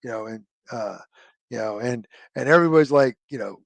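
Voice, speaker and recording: A man's voice: medium pitch, fairly quick, creaky, no room sound. A man in his fifties, a retired army officer, telling a long military story as an interview guest with many fillers and self-corrections. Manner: rambling, many fillers and restarts, loose military jargon.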